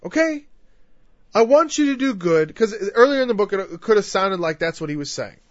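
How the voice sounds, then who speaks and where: Man, preacher, emphatic sermon, high voice, dry muffled recording. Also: expressive, moderate pace, no room sound. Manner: emphatic, raises voice at times.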